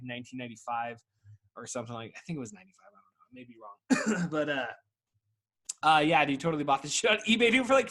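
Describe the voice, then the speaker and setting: A man's voice: fairly high pitch, fairly bright tone. A young man hosting a podcast, rambling casually with lots of swearing and "dude". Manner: rambling, profane, says "dude" constantly. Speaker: podcast host. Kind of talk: casual chat.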